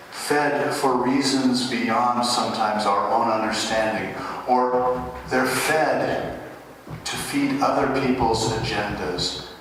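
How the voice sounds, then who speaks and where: A man's voice: medium pitch, fairly bright tone, a little hiss or hum. A man preaching a sermon as the pastor, conversational and wry with humorous asides, in a church sanctuary. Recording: echoey church hall from far off.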